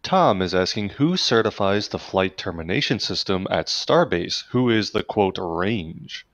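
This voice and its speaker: A man's voice: sits low, lively intonation, a little slow, a bit bright, no room sound. A man hosting a live space broadcast, casually answering viewer questions and thinking aloud with fillers. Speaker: livestream host.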